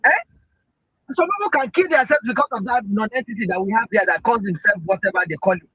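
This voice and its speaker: A man's voice: sits high, fast talker, bright, forceful tone, breathy edge, no echo, highs cut off. A man with a Nigerian accent speaking in an online audio room, giving heated political talk with impassioned, rhetorical questions. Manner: impassioned, rhetorical, keeps asking "Eh?".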